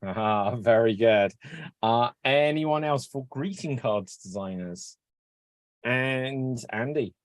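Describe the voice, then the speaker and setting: A man's voice: mid-range voice, no room sound. Brief: male improv emcee on a video call, snappy prompting, dry close sound. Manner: brisk, upbeat, auctioneer-like prompting. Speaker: improv host. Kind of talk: emceeing an online improv game.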